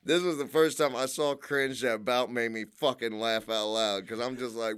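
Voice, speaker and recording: A man's voice: medium pitch, steady tone, normal speed, few pauses, fairly bright tone. A man co-hosting a podcast, rambling and swearing as he talks. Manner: rambling, profane, trails off and restarts. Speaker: podcast co-host. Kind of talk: casual podcast chat.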